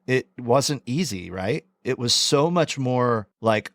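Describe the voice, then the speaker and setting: A man's voice: mid-range voice, lively intonation, slow, hardly any pauses, a bit bright, no echo. Male co-host, easygoing musing, dry close sound. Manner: rambling, musing. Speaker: podcast co-host. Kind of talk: casual chat.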